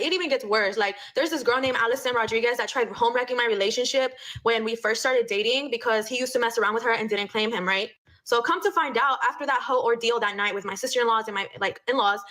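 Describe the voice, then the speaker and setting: A woman's voice: on the high side, pushed and bright. A young woman telling a casual storytime, blunt and profane, dropping Spanish phrases into her speech.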